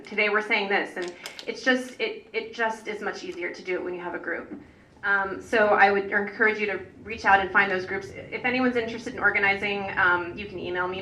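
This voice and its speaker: A woman's voice: mid-range voice, bright, forceful tone. A woman parent organizer speaking off the cuff on a public panel, earnest and rambling, full of fillers and restarts. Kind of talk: unscripted panel talk. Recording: echoey hall, mic at a distance.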